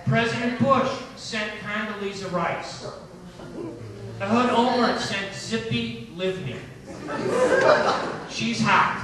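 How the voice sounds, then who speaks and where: A man with a Chicago accent doing a stand-up comedy routine in a synagogue hall, with quick, punchy joke delivery and asides to the audience. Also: high-pitched. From United States. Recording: echoey hall, distant mic, loud noise. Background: audience laughter.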